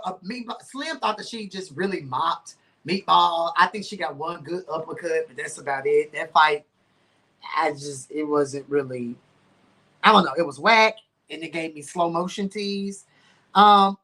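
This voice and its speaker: A man hosting a podcast, recapping a reality show in casual slangy chat with lively swings in pitch and playful sound effects. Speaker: podcast host.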